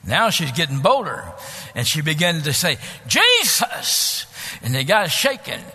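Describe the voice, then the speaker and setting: A man preaching a sermon as pastor, building to shouts and dropping to hushed, drawn-out lines. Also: a little high, very animated, husky, long reverb tail.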